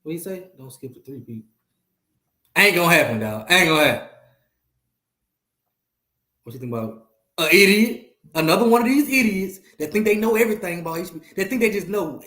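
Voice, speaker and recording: A man's voice: sits high, animated, a little fast, long pauses, sharp tone, roomy sound. A man hosting a casual livestream chat, talking animatedly and repeating himself as he addresses viewers. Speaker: host.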